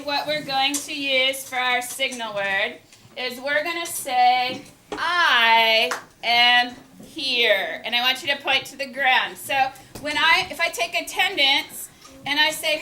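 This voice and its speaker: Slow-talking high-voiced woman teacher. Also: sharp tone. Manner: slow, drawn-out cue words. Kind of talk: classroom instruction. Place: classroom. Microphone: worn teacher mic, recorded from a distance. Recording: echoey classroom mic from far off. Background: classroom noise.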